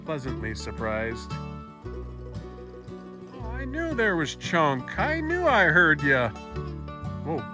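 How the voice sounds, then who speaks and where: Over music, a man with a slightly high voice vlogs from his farm, talking outdoors by the barn to his cats in a fond pet-talk voice. He speaks slowly, with huge pitch swings and long pauses.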